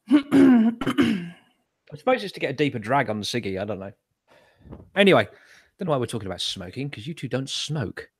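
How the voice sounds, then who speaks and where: A man's voice: medium pitch, sing-song, moderate pace, pauses often, breathy edge, dry recording, clean studio sound. A man hosting a casual chat show over a video call, rambling, swearing and laughing at his own jokes. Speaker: host.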